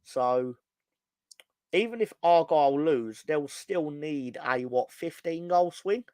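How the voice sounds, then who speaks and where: A man's voice: fairly high pitch, lively intonation, takes it slowly, a little mellow, no room sound. A man co-hosting a casual football fan show, rambling and sardonic, swearing freely. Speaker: football podcast co-host.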